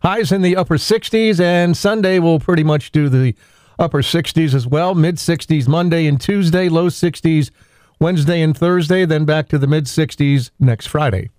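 Brisk male local radio host. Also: on the high side, darkish tone, clear, resonant tone, no echo. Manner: brisk, matter-of-fact announcing. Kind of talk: local morning radio hosting.

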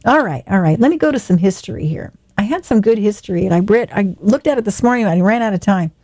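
A woman's voice: medium pitch, animated, fast, mellow, no echo. A woman hosting a local radio show, reading listings and chatting in a rambling way with frequent laughs. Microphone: studio microphone.

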